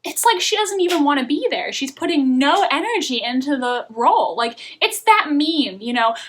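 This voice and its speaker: Candid female reviewer, casual vlog delivery, slightly high, bright tone. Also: big pitch swings, moderate pace, few pauses. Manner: chatty and candid, laughs often. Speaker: book and film reviewer.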